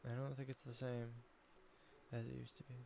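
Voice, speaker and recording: A man's voice: mid-range voice, little pitch movement, fairly quick, vocal fry, darkish tone, slight background noise. A man chatting casually as a streamer, rambling and thinking aloud while he critiques his own voice work. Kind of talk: casual chat.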